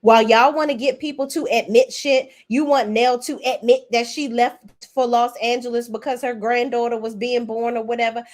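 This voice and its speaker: Host, woman, 40s: blunt, mocking recap commentary with a high-ish, swinging voice. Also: normal speed, hardly any pauses. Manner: blunt, profane, sassy; mocking and animated, swings between high and low. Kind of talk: reality TV recap rant.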